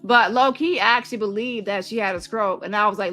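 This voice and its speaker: A woman's voice: fairly high pitch, normal speed, bright, forceful tone, soft background music. A woman hosting a commentary stream, talking heatedly and repeating herself as she stacks up accusations. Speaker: host. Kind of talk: casual commentary to camera.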